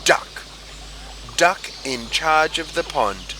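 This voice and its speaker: A man reading a storybook and voicing a bossy, self-important male duck who snaps orders loudly. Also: on the high side, expressive, slow pace, background noise, voice pushed up. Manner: snapping, loud and commanding.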